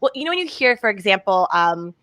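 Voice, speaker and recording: A woman hosts an interview in a chatty, enthusiastic way. Her voice is bright and forward. The sound is dry and close, with no room around it. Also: mid-range voice, sing-song, dry recording. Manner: enthusiastic, chatty, quick to agree and laugh. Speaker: host. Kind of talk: interview on leadership.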